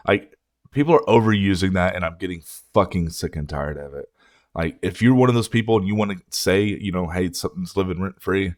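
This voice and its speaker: A man's voice: low voice, moderate pace, dry recording, studio quality. A man hosting a music reaction video, ranting in a casual, profane way.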